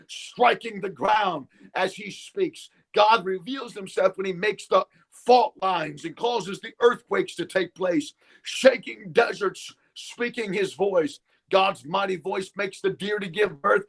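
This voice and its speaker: Male preacher, high gravelly voice, fervent sermon delivery. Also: fairly bright tone. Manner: fervent, repeating "come on now".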